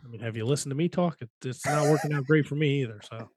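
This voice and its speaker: A man's voice: medium pitch, quick pace, a little mellow, husky, no echo, clean studio sound. A man co-hosting a podcast in casual wrestling chat, teasing and swearing freely. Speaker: podcast co-host.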